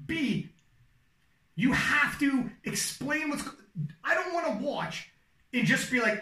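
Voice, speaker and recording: Casual male talker, high-pitched and animated with a cussing streak, set a bit back from the mic in a roomy space. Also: slow pace, pauses often, distant mic. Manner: animated, swearing, demonstrates hype commentary voice. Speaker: powerlifting commentator. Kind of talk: casual podcast chat giving advice.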